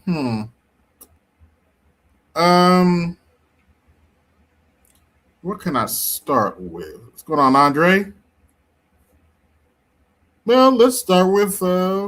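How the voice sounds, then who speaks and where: A male livestream host talks in a casual, unhurried way, greeting viewers by name. His voice sits slightly high and he takes his time between thoughts. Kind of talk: casual talk show.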